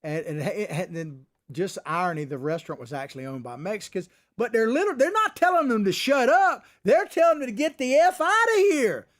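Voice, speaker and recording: A man's voice: sits high, expressive, fairly quick, hardly any pauses, fairly bright tone. A middle-aged man hosting a commentary show, talking in a folksy, combative, rambling way. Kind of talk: opinionated political commentary.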